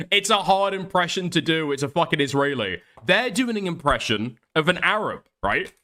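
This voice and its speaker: A man's voice: a little high, very animated, moderate pace, pushed and bright. A man hosting a commentary stream, rambling and swearing with laughing asides. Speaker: streamer host.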